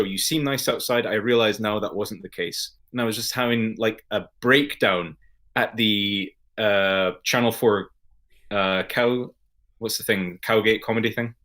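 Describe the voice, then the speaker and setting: Man, podcast co-host, casual chat, sweary ranting storyteller, middle pitch. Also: a bit bright. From Scotland.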